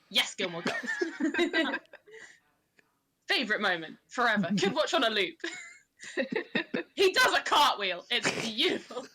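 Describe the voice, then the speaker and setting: Woman, tabletop game player, giggly, chatty, bright tense voice, slightly high. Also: big pitch swings, measured pace, pauses often, breathy edge.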